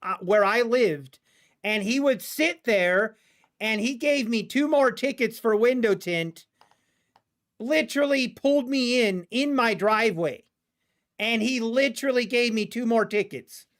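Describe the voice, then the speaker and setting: A man hosting a live trading stream, telling a rambling personal anecdote in a casual, animated way with frequent restarts. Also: extremely high pitch, unhurried. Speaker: livestream day-trading host.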